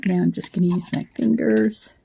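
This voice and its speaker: A woman hosting a casual craft how-to at home late at night, sleepy, soft and unhurried, often slipping into a whisper as she works. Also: on the low side, fairly even intonation, vocal fry, noisy background. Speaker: craft channel host.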